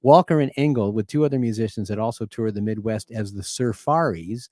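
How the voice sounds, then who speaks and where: A man's voice: lowish voice, fairly quick, mellow, no echo, clean studio sound. A man hosting a music stream, chatting in a rambling, grateful way before introducing the last song. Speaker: host and musician. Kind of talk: casual chat introducing songs.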